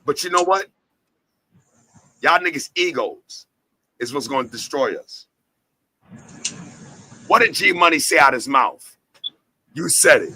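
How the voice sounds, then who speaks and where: With a fairly high, husky, pushed-bright voice and lively intonation, a man speaks a little slowly, leaving long pauses. He heads an entertainment company and hosts its talk show, preaching in a fired-up, profane manner and hammering home points through repetition and rhetorical questions. The audio is poor and has no room sound.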